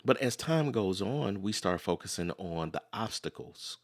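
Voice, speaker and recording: A man's voice: lowish voice, lively intonation, unhurried. A man hosting a motivational self-help talk, speaking conversationally and often repeating himself to make a point. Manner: conversational, repeats "so in other words"; acts out quoted voices. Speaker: podcast host.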